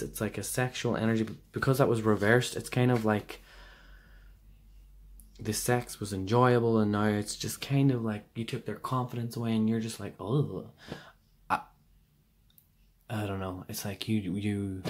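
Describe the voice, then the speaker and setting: Rambling man reading tarot. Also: lowish voice. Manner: rambling and hesitant, full of fillers and self-corrections. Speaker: tarot card reader. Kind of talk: casual pick-a-card tarot reading.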